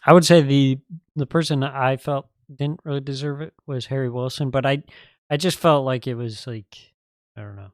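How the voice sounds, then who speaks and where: A man co-hosts a football podcast, walking through matches in a relaxed, easygoing way with plenty of fillers. His voice sits at an ordinary middle pitch. The sound is dry and close, with no room around it. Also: normal speed, no room sound. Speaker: podcast co-host. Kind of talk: casual football match recap.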